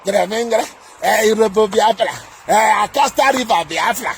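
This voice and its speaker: A man delivering an angry political rant, shouting, scolding and repeating himself. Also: very high-pitched, animated, unhurried, slight background noise. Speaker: political commentator.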